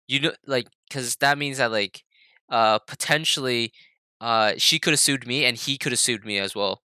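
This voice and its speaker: A young podcast co-host tells a story casually, looping through fillers and swearing as he goes. His voice is bright and smooth, and it sounds close and dry. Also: medium pitch, fairly quick, no room sound. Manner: rambling, filler-heavy, profane.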